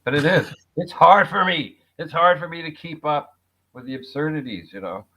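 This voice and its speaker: A guest on a talk show, an actor and writer, talks casually in a wry, sarcastic way and laughs at his own jokes. His voice is slightly high with lively intonation and a sharp tone at a normal speed, recorded with dull lo-fi sound.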